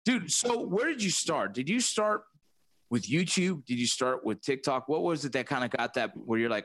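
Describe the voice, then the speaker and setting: A man's voice: medium pitch, animated, normal speed, fairly bright tone. A man hosting a casual podcast chat, talking loosely with lots of swearing and laughter. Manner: profane, laughing, loose banter. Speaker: host.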